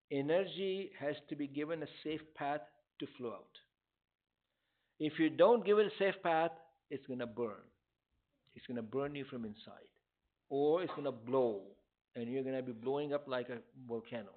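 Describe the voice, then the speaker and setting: An older man, a therapist, answering questions from a community audience in a direct, emphatic way. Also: a little high. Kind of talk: community Q&A talk. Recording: tinny phone-like sound.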